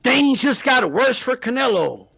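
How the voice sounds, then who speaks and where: A man's voice: very high voice, very animated, a little slow, vocal fry, bright, forceful tone, slightly rough, no room sound, soft background music. A man hosting a boxing channel, ranting to the camera with heavy swearing and lots of repetition. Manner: profane, heated, repeats himself.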